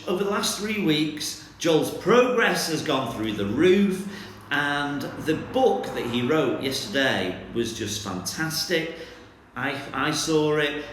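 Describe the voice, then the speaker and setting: A man, a primary school teacher, leading an online school assembly for children in an animated, playful way. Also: fairly high pitch, heavy reverb, slight background noise.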